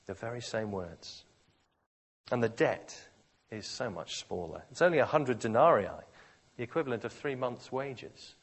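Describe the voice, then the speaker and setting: A man preaching a sermon, dramatically shifting between quiet, slow phrases and loud, forceful ones. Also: mid-range voice, husky.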